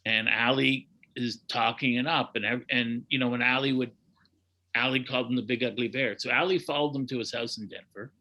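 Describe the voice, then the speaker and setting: A boxing historian tells anecdotes in a casual chat, acting out quotes with lively energy. His voice is bright and forceful, at an ordinary male pitch. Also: a little fast, muffled recording. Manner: animated anecdotes with acted-out quotes.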